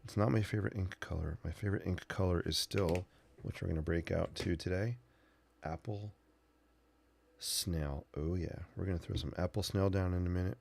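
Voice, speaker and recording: A man with a deep, gravelly voice hosts a relaxed art livestream. He rambles easily while painting and chats with the people watching. His speech is loose and unhurried. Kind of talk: casual sketching livestream chat.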